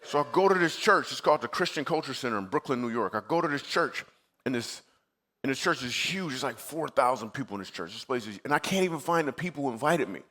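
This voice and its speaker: A man's voice: mid-range voice, animated, fast, pushed and bright. A man from Michigan, a comedian as guest speaker, telling a personal story in a comedic sermon and acting out his own replies in a conversational way. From Michigan, USA. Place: church stage before a live audience.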